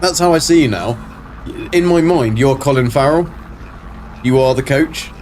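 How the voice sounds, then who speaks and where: A man's voice: mid-range voice, moderate pace, a little mellow, slight background noise. A middle-aged man on a casual live game stream, answering chat and muttering to himself as he plays.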